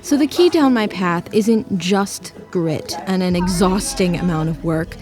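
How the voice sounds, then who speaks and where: A woman's voice: on the low side, a little slow. A young woman giving candid, wry and upbeat voice-over narration for her vlog. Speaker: vlogger. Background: music playing underneath.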